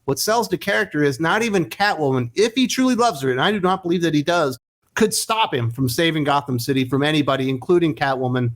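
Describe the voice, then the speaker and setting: A man's voice: a little high, expressive, fast. A man reviewing comic books in a casual commentary, sarcastic and profane, ranting with mocking jumps in emphasis.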